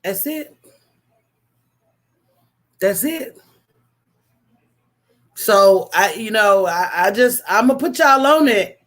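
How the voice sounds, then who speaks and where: A woman hosting a casual livestream, telling stories in an animated, preachy way with call-and-response asides to her viewers. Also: mid-range voice, slow, pauses often. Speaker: host.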